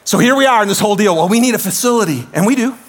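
Guy preaching, kinda high voice, jumps loud then goes real quiet. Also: very fast. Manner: animated preaching, swinging from shouts to hushed tones. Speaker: pastor. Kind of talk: sermon.

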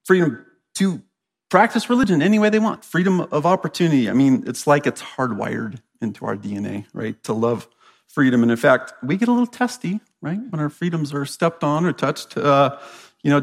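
A man's voice: mid-range voice, a little fast. An American man speaking to a church crowd in a conversational sermon, often checking in with the audience with "right?". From United States. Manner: chatty, keeps asking the audience "right?".

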